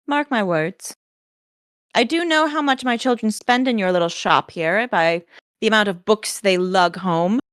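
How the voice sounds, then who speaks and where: A woman's voice: mid-range voice, clean tone, no room sound, clean studio sound, voice pushed up, natural voice. A woman voicing a haughty, scheming noblewoman who sneers at newcomers, in a tabletop role-play. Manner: scornful, sneering, imperious. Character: haughty scheming noblewoman Lucinda, middle-aged.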